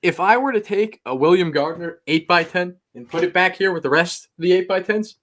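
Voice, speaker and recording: A man's voice: high voice, brisk, a bit bright. A man co-hosting a wrestling podcast who jokes around and busts his co-hosts' chops. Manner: joking, ribbing, chop-busting. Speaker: podcast co-host. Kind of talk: casual wrestling podcast chat.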